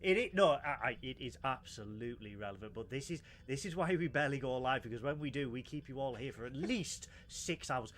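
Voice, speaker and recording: A man co-hosting a casual live podcast, excitable and jokey, stumbling over his words. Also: medium pitch, a little fast, hardly any pauses. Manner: excitable, jokey, stammering restarts. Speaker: podcast co-host.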